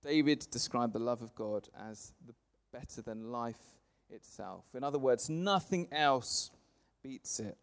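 A man, preaching a sermon to a congregation, punching words loudly then letting phrase ends fall soft. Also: mid-range voice, measured pace. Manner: lively, swings from loud emphasis to soft trailing phrase ends. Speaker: pastor. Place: church service before a congregation.

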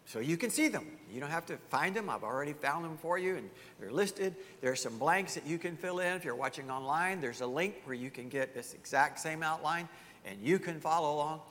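A man's voice: a little high, expressive, brisk, a bit bright, big-room sound, a little hiss or hum. A male pastor preaching a sermon emphatically, firing off rhetorical questions to his congregation.

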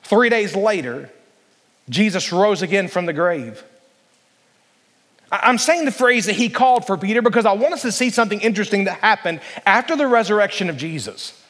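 A male pastor with a notably high voice delivers an earnest sermon. He slows to a deliberate pace over scripture and draws the congregation into answering. His words ring out with a long reverb from a large church hall. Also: animated, a bit bright. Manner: earnest preaching, slows down to read scripture aloud, asks the congregation to respond.

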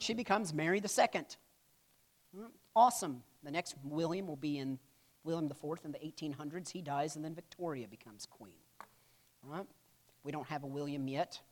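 A church history teacher talks a class through the material in a loose, conversational way. The delivery keeps pausing for "right?" and "okay?" check-ins and wanders into light, joking asides. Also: mid-range voice. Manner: humorous asides. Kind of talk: classroom lecture.

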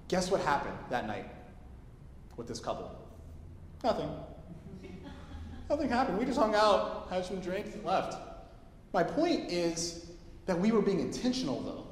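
A man preaching a casual sermon, telling stories with lively quoted voices. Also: a little high, normal speed, long pauses, slight background noise. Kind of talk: sermon with storytelling. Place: church hall. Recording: echoey hall, heard from a distance.

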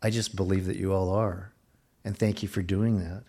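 A middle-aged man preaching a sermon, slowing down for emphasis and dropping to a near hush at times. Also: sits low. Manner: expressive preaching, slows for emphasis and drops to a hush. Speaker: pastor.

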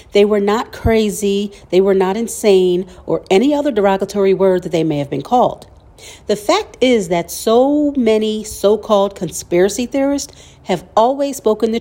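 Mellow-voiced woman hosting a podcast. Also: mid-range voice. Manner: conversational, with wry sarcastic asides. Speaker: podcast host. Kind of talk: solo podcast monologue.

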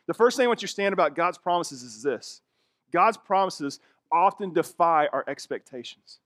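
A man's voice: fairly high pitch, a bit bright, dry recording, studio quality. A man preaching a sermon as a pastor, reading scripture and explaining it in a conversational, emphatic way.

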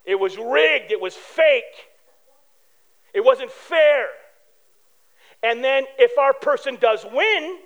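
A man from preaching a sermon as pastor, animated and telling stories with acted-out quotes. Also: very high-pitched, slow, vocal fry, pauses often, dull audio.

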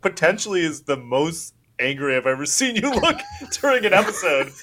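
Lively high-voiced man recapping a movie. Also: normal speed, a little hiss or hum. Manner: laughs often while retelling scenes. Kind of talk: casual movie recap chat.

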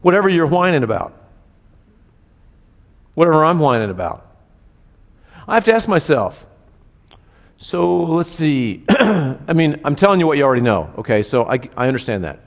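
A man's voice: fairly high pitch, big pitch swings, normal speed, pauses often. A man preaching a sermon in a conversational way, often asking his listeners rhetorical questions. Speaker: pastor. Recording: reverberant hall.

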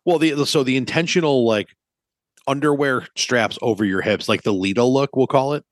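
A man in his thirties, a podcast co-host, chatting casually and telling animated, profane stories. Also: medium pitch, normal speed, no room sound.

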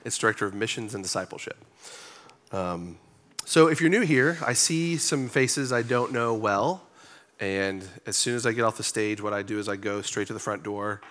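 A man with a fairly low voice delivers a sermon from a church stage. He keeps it loose and conversational, joking with the congregation and leaning on casual fillers. The pulpit talk sounds like everyday chat rather than formal oratory. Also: fairly bright tone. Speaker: pastor and church elder.

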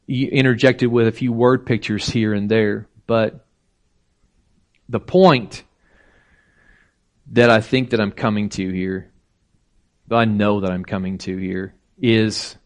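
A man preaching a sermon, slow and deliberate, rising in pitch for emphasis. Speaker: pastor.

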